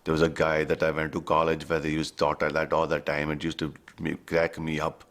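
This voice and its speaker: Very deep-voiced man. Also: monotone, a little fast, a bit bright. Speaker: interviewee, actor. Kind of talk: interview.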